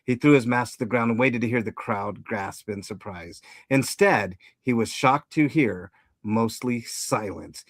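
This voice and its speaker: A man on a podcast reading a comedic story aloud in a casual, steady way, correcting himself now and then. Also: mid-range voice, unhurried, no room sound, studio quality. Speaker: podcast co-host and story reader.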